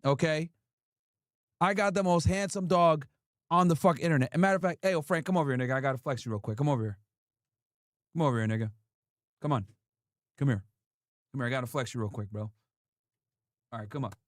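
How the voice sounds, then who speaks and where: A man's voice: mid-range voice, fast talker, long pauses, dry recording, clean studio sound. A man hosting a livestream in a casual, slangy style, teasing and playfully scolding in repeated bursts. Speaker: livestream host.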